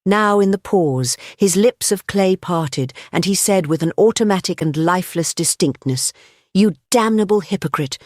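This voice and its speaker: An audiobook narrator reading a classic novel in a measured, even storytelling manner. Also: mid-range voice, no room sound, clean studio sound. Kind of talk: scripted narration.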